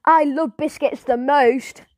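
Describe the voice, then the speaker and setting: A woman reading the part of a loud, eager schoolboy who shouts out. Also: high-pitched, unhurried, voice pushed up.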